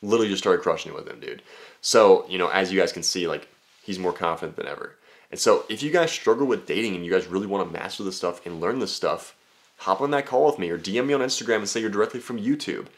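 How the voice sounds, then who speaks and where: A young man talking casually as a dating coach, brash and full of swearing, often slipping into high mocking voices. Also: fast talker. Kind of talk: casual talking-head monologue.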